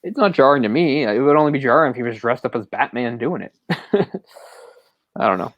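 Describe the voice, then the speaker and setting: A man's voice: mid-range voice, lively intonation, fairly quick, dry recording, muffled recording. A man co-hosting a movie podcast, rambling and opinionated, often chuckling as he talks. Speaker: podcast co-host. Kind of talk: casual movie discussion.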